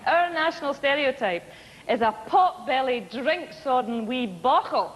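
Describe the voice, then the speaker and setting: A woman's voice: sits high, expressive, a little slow, long reverb tail, poor audio. A Scottish woman presenting a TV comedy show, delivering scripted links in a dry, wry way.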